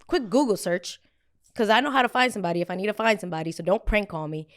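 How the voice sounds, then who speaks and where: Animated, gossipy young woman podcaster. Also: medium pitch, quick pace. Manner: animated, gossipy and blunt, with frequent quoted voices. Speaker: podcast host. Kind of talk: casual pop culture chat.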